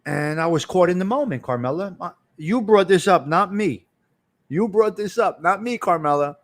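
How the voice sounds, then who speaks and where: A middle-aged man tells rambling stories on his live stream, repeating himself, cursing casually and calling out to viewers by name. His voice sits a little high for a man. The sound is dry and close, with no room around it. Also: expressive, moderate pace, no echo. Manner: rambling, repetitive, profane storyteller talking to viewers by name.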